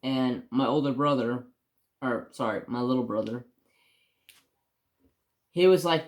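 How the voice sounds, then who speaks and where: A man's voice: mid-range voice, animated, measured pace, long pauses. A man casually telling a long personal story on his crafts channel, rambling with restarts and mild swearing. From United States.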